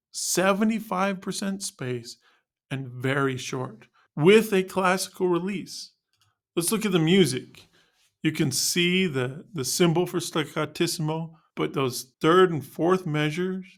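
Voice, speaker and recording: Guy teaching band stuff, slightly higher voice, calm clear explaining. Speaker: music teacher. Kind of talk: scripted lesson narration.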